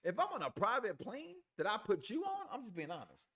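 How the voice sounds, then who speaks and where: A man co-hosting a casual review show, loud and playful, crude jokes, acting out the characters as he recaps. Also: sits high, wildly swooping pitch, a little fast, a crowd in the background.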